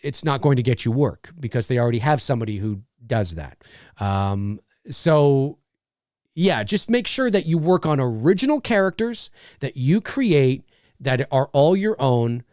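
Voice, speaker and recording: Male livestream host, animated and rambling, lively pitch, close and dry. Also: a little slow, dry recording. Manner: animated, rambling, with many restarts and fillers. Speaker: host and voice actor. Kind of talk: casual livestream chat.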